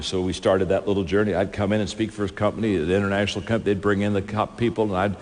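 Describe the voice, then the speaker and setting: Low-voiced male speaker, lively sermon storyteller, in a hall with long reverb. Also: very fast. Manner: animated, acts out dialogue in his story. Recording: reverberant hall, faint ambience.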